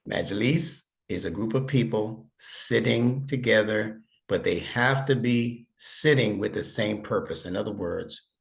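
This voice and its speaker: A middle-aged man with a voice on the low side and some vocal fry tutors a young student one-on-one. An Arabic instructor and imam, he explains patiently in steps and verifies that he has been understood.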